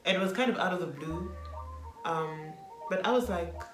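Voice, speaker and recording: Animated South African woman telling stories. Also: on the low side, normal speed, roomy sound, music in the background. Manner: animated storytelling, laughs often. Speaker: vlogger. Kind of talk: casual chat.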